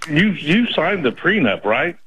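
A man's voice: on the high side, big pitch swings, measured pace, fairly bright tone, husky, dry recording, rough recording. A man calling in to a radio show from San Antonio, teasing and opinionated. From San Antonio, Texas. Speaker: caller.

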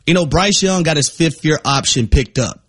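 A man co-hosting a sports talk show, breaking down games in a measured, analytical way. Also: a little high, lively intonation, husky. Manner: measured, analytical, repeats for emphasis. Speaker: sports radio co-host.

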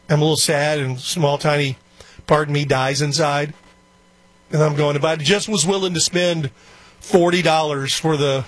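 A man's voice: on the high side, fairly bright tone, no echo. A man hosting a talk radio show, chatting in a rambling, opinionated way. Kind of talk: casual talk radio commentary. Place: radio studio.

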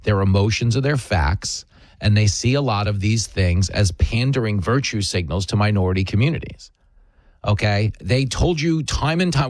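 A man's voice: lowish voice, normal speed, no room sound. A man hosting a talk radio show, delivering an opinionated monologue in an emphatic, sarcastic way.

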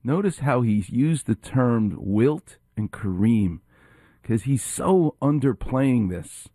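A man's voice: medium pitch, animated, slow, mellow, dry recording, studio quality. A man hosting a radio show, a surgeon explaining storytelling craft with enthusiastic, emphatic commentary.

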